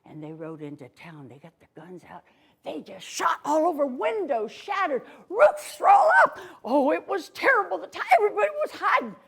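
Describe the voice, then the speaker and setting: Brief: lively woman children's storyteller, high and swooping, folksy cowgirl manner. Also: moderate pace, vocal fry. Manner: folksy cowgirl persona, call-and-response with children. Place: library story room with children.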